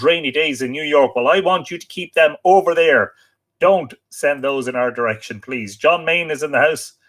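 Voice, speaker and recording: Irish male stream host, casual and teasing, reads chat comments aloud, mid-pitched. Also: a bit bright. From Ireland. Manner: chatty, teasing, frequent uh fillers. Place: home library room.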